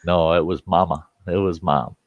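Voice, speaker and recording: A man's voice: sits low, steady tone, moderate pace, dry recording, lo-fi sound. A man hosting a campfire show, telling a funny story and laughing often. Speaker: host.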